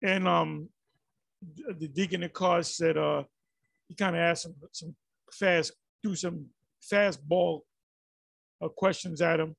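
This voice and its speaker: A man with a raspy, gravelly, somewhat high voice delivers loose, casual commentary. He rambles, restarts sentences and sounds exasperated. The sound is dry and close. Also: steady tone, slow pace, pauses often, fairly bright tone, no echo. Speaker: religious commentary vlogger.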